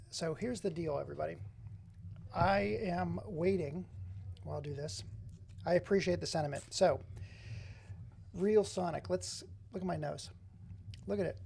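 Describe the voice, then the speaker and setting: A man's voice: a little high, gravelly, a little mellow, a little hiss or hum. A man hosting a casual live stream, chatting to viewers and greeting them by name. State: runny nose. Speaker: livestreamer.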